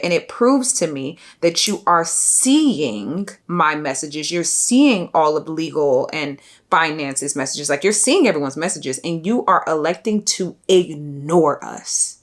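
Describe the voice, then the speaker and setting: A young woman with a low-pitched voice chats straight to her viewers in a casual vlog. She vents in an animated, exasperated way, tossing in slangy asides. Her tone stays loose and conversational. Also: normal speed. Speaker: beauty vlogger. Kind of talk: casual vlog rant to camera.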